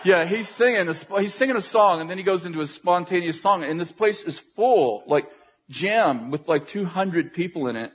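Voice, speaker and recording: A man preaching, telling a story in an animated way, often laughing and acting out what people said. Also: high voice, normal speed, husky. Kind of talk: sermon storytelling. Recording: dull lo-fi sound with faint noise.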